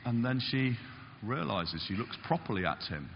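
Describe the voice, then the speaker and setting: A man preaching a sermon in a church, lively and expressive, acting out the quoted voices as he goes. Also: normal speed, creaky, a little hiss or hum. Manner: animated, acts out quotes with big pitch jumps. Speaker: pastor. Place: church hall. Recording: dull sound with long reverb in a church.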